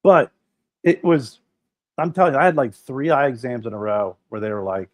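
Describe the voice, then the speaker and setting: A man's voice: mid-range voice, a little fast, dry recording. A middle-aged man co-hosting a casual podcast, telling stories with a lot of swearing and acting out the people he quotes. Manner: animated storyteller, swears freely, acts out quoted people. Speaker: podcast co-host. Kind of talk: casual chat.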